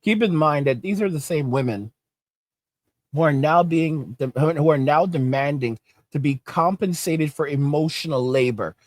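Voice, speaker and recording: A man with a fairly high speaking voice rants in an opinion commentary, hammering his points home through repetition and tag questions. His voice sounds close and dry, with almost no room around it. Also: moderate pace, no room sound. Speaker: channel host.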